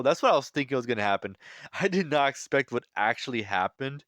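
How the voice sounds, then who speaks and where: A man's voice: medium pitch, expressive, quick pace, a bit bright, dry recording. A man doing a casual, enthusiastic manga chapter breakdown, chatty, with lots of fillers and restarts. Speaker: manga commentator.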